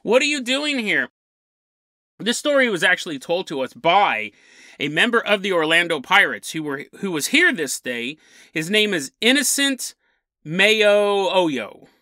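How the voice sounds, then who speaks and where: A man's voice: sits high, very animated, unhurried, pushed and bright, no room sound. A man hosting a paranormal podcast, telling a story with lots of energy and chuckling mid-sentence. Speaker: podcast host.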